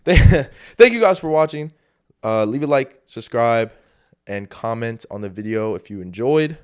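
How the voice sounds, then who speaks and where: A man's voice: mid-range voice, animated, a little slow, smooth. Rambling, swearing solo podcast man. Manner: loose, rambling, frequent swearing and fillers. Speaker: podcast host. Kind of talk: casual solo motivational talk. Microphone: camera setup.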